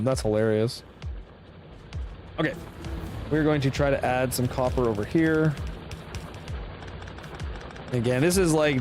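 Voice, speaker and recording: A young man with a Canadian accent, casually explaining his moves as he plays through a live game guide. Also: medium pitch. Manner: casual, explanatory, thinking aloud. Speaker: speedrunner streamer. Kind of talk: live commentary over gameplay.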